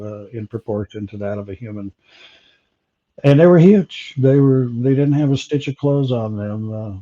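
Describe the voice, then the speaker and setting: A man telling an interviewer about a personal encounter, pausing often with fillers and restarts. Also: fairly low pitch, dark tone, dull audio. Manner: halting, many fillers and restarts. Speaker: interview guest.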